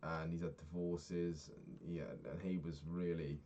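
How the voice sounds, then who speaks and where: A man's voice: deep voice, little pitch movement, a little slow, dark tone, slight background noise. A young man talking through his day in a candid, rambling diary vlog, swearing freely. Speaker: vlogger.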